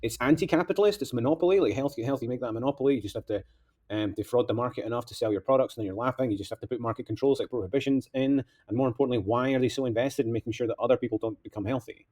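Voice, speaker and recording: Man, political candidate, rapid-fire delivery, impassioned, swings from loud bursts to mutters. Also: medium pitch, fairly even intonation. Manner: impassioned, veers between outbursts and muttering. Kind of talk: rambling political monologue.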